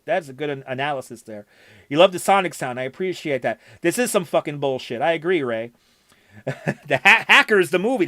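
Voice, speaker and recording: A man's voice: on the high side, sharp tone, no echo. A man hosting a casual livestream who reads viewer comments aloud, curses freely and laughs often. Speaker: livestream host.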